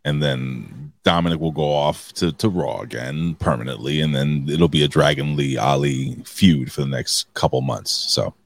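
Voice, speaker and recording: A man's voice: extremely low pitch, normal speed, vocal fry, hardly any pauses, a little hiss or hum. A man co-hosting a wrestling review podcast, talking casually and animatedly, swearing freely and restarting his sentences. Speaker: podcast co-host.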